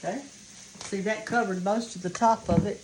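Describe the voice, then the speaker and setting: A woman's voice: medium pitch, fairly even intonation, moderate pace. Folksy older Southern woman cooking at home. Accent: Southern American. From American South. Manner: folksy, homey, talks to viewers as y'all and honey. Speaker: cooking show host. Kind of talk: chatty home cooking demonstration. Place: home kitchen. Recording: kitchen noise behind voice. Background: frying and sizzling of cooking.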